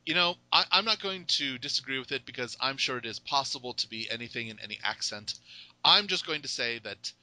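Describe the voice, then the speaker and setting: A man hosting a podcast interview, chatting in a General American accent, playful and quick to laugh. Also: mid-range voice, animated, sharp tone, dry recording, low-quality recording. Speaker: podcast host. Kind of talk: casual interview chat.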